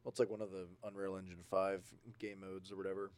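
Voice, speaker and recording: A man co-hosting a casual podcast, telling scary stories in an animated way and acting out sounds and voices. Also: low-pitched, fast. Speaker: podcast co-host. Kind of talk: casual chat.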